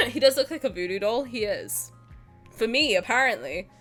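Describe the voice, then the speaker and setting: A woman's voice: on the high side, big pitch swings, moderate pace, a bit bright, faint music behind. A woman streamer swearing playfully and ranting in mock anger while she plays a game and chats with her audience at home. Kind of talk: live-streamed game play with chat.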